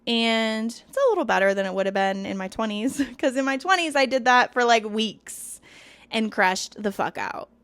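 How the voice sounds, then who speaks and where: A woman's voice: fairly high pitch, lively intonation, normal speed, fairly bright tone, no room sound. A woman in her thirties hosting a solo podcast, talking candidly and confidingly, now and then stretching words for emphasis. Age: 30s. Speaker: podcast host.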